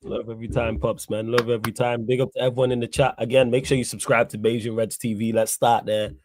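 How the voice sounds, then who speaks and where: A man's voice: medium pitch, flat delivery, quick pace, background noise. A man hosting a live stream, chatting casually about football with street slang and a laid-back manner. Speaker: livestream host.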